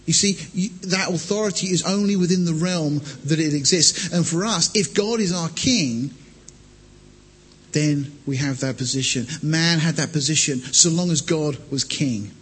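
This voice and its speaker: A man preaches in a measured, expository way, reading scripture and then unpacking it. His voice sits a little high and sounds husky. Long reverb from a hall trails each phrase.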